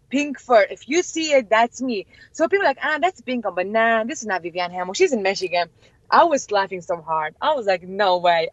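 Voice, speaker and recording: A young woman and interview guest whose first language is Chaldean, telling excited stories with many laughs and acted-out quotes. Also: a little high, no echo. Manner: animated, laughs often, acts out quotes. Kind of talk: excited storytelling. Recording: dull lo-fi, dry.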